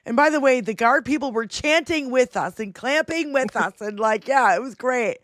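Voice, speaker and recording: Brief: woman livestream host, brash and profane storyteller, high pitch. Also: moderate pace, no room sound, studio quality. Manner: loud, profane, animated retelling. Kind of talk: casual storytelling chat.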